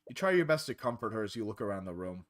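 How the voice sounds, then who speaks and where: A man's voice: lowish voice, very fast, slight background noise. A man streaming a visual novel, reading its narration aloud. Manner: expressive narration. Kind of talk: reading game text aloud.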